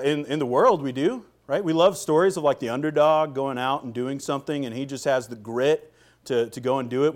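A man preaching a sermon in a conversational way, with frequent fillers and restarts and quiet asides. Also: fairly high pitch. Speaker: pastor.

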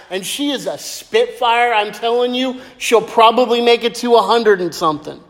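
A man preaching a sermon as pastor, lively and joking as he tells stories. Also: very high-pitched, a little fast, hardly any pauses. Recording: echoey hall with long reverb.

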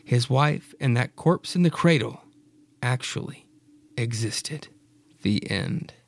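Man, raspy voice, podcast host, comic book retelling, wry jokey asides, mid pitch, dry close sound. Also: lively intonation, takes it slowly, no room sound.

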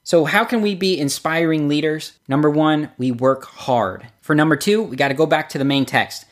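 A man's voice: fairly high pitch, normal speed. Guy preaching a sermon, tells stories, voices the quotes as he goes. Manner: storytelling, acts out quotes with lively shifts. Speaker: pastor.

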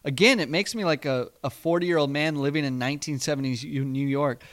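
A man with a slightly high voice, recorded dry and close with no room sound. He meanders through a self-deprecating story in a casual chat and chuckles at his own jokes. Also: fairly quick, a bit bright, dry recording.

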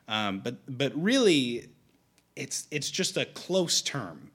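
A man's voice: mid-range voice, animated, a little slow, fairly bright tone. A man preaching a sermon in a conversational way, often restarting his sentences. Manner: conversational, with frequent restarts and fillers.

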